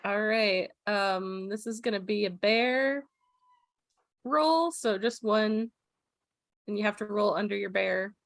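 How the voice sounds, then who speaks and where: Brief: woman running a tabletop game, slow, chatty, laughing narration. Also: medium pitch, creaky, no echo. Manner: giggly, rambling narration with fillers. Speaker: game master.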